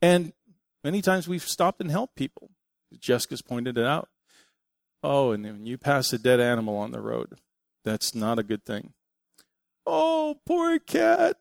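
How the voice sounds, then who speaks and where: A middle-aged male pastor preaching with a gravelly, fry-tinged voice. He tells personal stories in an animated way, acting out what people said. The sound is dry and close, with little room around it. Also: mid-range voice, normal speed, dry recording. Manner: animated storytelling, acting out quotes.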